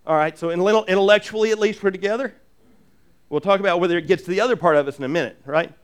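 A man preaching a sermon as pastor, earnest and animated, with jokey asides and lots of repeated restarts. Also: high-pitched, very fast, smooth.

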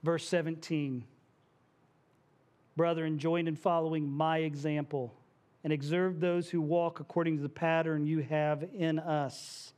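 A man's voice: fairly high pitch, little pitch movement, unhurried, darkish tone. A male pastor preaching a sermon to his congregation in a church, conversational, with asides and small jokes. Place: church sanctuary.

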